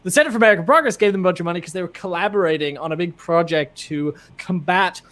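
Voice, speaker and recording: Male writer guest, fairly high voice, measured explanatory chat. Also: fairly bright tone. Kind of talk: casual political discussion.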